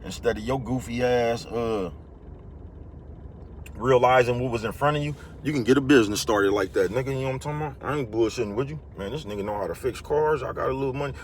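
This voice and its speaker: A man vlogs a casual motivational monologue, rambling and slangy, repeatedly returning to his catchphrases. He talks fast in a mid-range voice with slight background noise.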